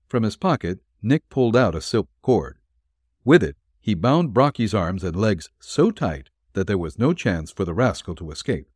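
Male narrator, detective serial audiobook, animated, dry close sound. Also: on the low side, moderate pace, slightly rough, no room sound.

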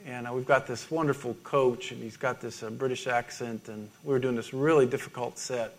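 A middle-aged man preaching a sermon, halting and self-deprecating, with many restarts and small laughs. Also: mid-range voice, steady tone. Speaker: pastor.

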